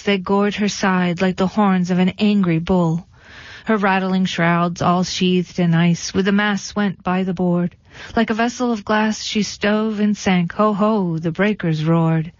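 A woman reading poetry aloud in a measured, rhythmic recitation. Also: mid-range voice, no echo. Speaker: reader. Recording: dull lo-fi dry recording.

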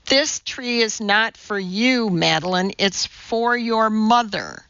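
A woman's voice: expressive, slow, clear, resonant tone, dry recording, exaggerated voice. A woman voicing a strict, irritable kindergarten teacher who huffs and snaps at the children, on a dull, dry recording. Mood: shrill. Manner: sharp, huffy and shrill when scolding.

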